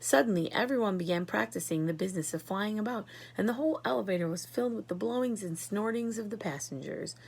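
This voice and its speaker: A woman's voice: mid-range voice, fast talker, vocal fry, few pauses, slightly rough. Woman reading a children's book aloud. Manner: expressive. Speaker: reader.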